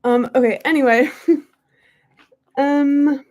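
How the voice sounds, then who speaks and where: A woman reads a history book aloud in a casual, conversational way. She keeps breaking off for chatty, apologetic asides, and her voice sits slightly high. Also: normal speed, darkish tone.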